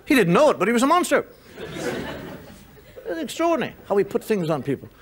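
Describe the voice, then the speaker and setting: A man's voice: sits high, wildly swooping pitch, quick pace, crowd noise. A man doing a stand-up routine on stage, ranting through incredulous rhetorical questions. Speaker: stand-up comedian. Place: comedy stage before a live audience. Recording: live audience laughter, noisy room.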